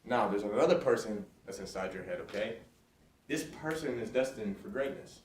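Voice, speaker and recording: A man's voice: lowish voice, animated, moderate pace, a little mellow. A man giving a motivational talk to students in a school hall. He speaks with energy and keeps checking in with his audience. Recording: roomy and distant, faint noise.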